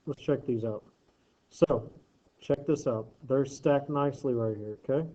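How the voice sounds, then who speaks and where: A man's voice: medium pitch, unhurried, mellow, muffled recording. Joking male math teacher thinking aloud. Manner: joking asides while working problems aloud; thinks aloud, self-correcting. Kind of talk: worksheet walkthrough lesson.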